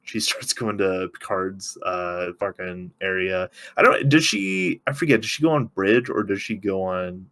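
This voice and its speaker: Man, low-pitched voice, casual podcast co-host, excitable recap chat. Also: gravelly. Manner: excitable, swearing, recapping scenes with quick impressions.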